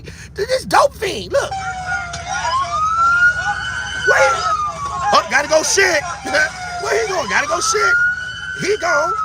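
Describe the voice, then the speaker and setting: A man hosting a livestream, reacting to video footage in loud, profane, excitable commentary and often laughing. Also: very high voice, heavy background noise. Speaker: livestream host.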